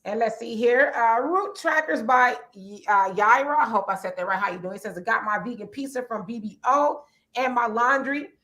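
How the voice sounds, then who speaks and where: A woman with a raspy voice co-hosting a casual livestream chat, reading viewer comments aloud and answering them in a conversational way. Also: a little high, normal speed, bright, forceful tone. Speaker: livestream co-host.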